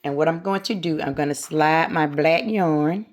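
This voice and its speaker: A woman's voice: low-pitched, moderate pace, darkish tone. A middle-aged woman hosting a casual how-to craft tutorial, chatting and talking herself through each step as she works.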